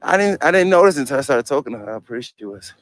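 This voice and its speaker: Very animated and very fast, a young man from New York with a medium-pitched voice and a New York accent rambles in slang and jokes on a city street, cursing freely. As a First Amendment auditor, he's talking to the camera and to police, and there's no echo.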